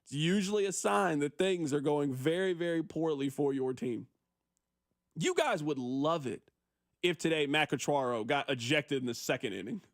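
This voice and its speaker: High-voiced animated sports radio host. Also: male voice, moderate pace, no room sound, studio quality. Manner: animated, riffing on listener texts. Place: radio studio.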